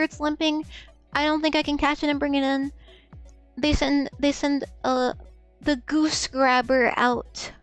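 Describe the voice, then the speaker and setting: A young woman with a high voice chats loosely on a live stream, giggling, tripping over her words and tossing in casual swears. Faint game music plays behind her. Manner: rambling, stammering repeats, giggly, swears casually.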